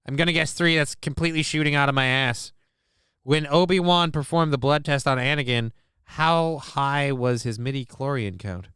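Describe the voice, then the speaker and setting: A man runs a casual live stream, talking with a bright, sharp-edged voice that comes through crisp and smooth. He rambles and swears freely and makes fun of himself. The sound is dry and close on the mic, with no room echo. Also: medium pitch, moderate pace. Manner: rambling, sweary, self-mocking. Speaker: streamer host.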